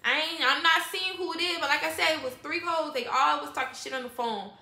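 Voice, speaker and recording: A young woman, telling a profane, animated storytime and acting out quoted voices. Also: high voice, brisk, creaky, echoey room. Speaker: vlogger.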